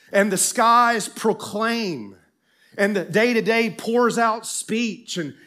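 High-voiced, slow preacher delivering a sermon. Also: male voice, a bit bright. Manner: emphatic, rising into fervent declarations; speaks slowly with many pauses and repeated phrases. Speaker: pastor.

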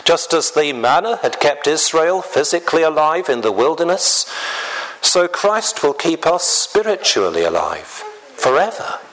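A man preaching a sermon in a slow, deliberate way, often clearing his throat. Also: a little high, sing-song, a bit bright, rough recording.

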